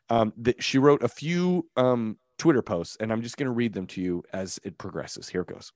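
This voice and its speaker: Male co-host, animated and chatty, mid-pitched, dry studio sound. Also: moderate pace, hardly any pauses, dry recording. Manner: animated, laughs while reading. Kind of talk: casual chat, reading posts aloud.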